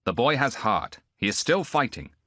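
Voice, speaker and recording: Firm, encouraging captain, lively delivery in the male narrator's voice; dry close sound. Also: medium pitch, normal speed, no room sound, voice pushed up. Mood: urgent firm. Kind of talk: audiobook character voice.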